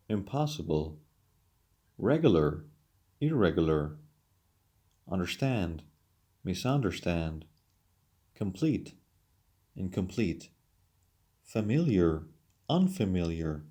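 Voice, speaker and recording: A man's voice: fairly low pitch, dark tone, slightly rough. A man teaching English, reading questions and answers from a textbook lesson aloud. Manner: reads questions then answers them aloud.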